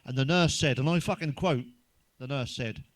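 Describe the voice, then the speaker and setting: This middle-aged stand-up comedian speaks in a mid-range voice at a normal speed. His monologue is blunt and crude, packed with constant swearing, and he slips into character voices for his jokes.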